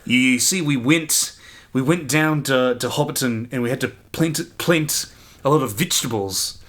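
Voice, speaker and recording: A man doing a casual impression of a male film director with a New Zealand accent, rambling in halting bits. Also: mid-range voice, lightly acted. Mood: reminiscing.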